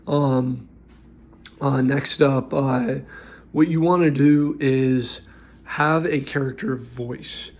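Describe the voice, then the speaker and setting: A man's voice: medium pitch, a little mellow, slight background noise. A man who runs tabletop games gives advice in a blunt, opinionated way, with lots of fillers. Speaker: game master giving advice. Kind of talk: casual opinionated talk.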